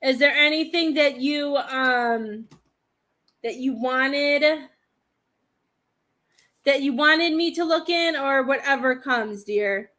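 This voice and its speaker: A woman's voice: sits high, takes it slowly, long pauses, sharp tone. A woman hosting a live-stream psychic reading, hesitant and thinking aloud as she speaks to viewers by name. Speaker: psychic medium host.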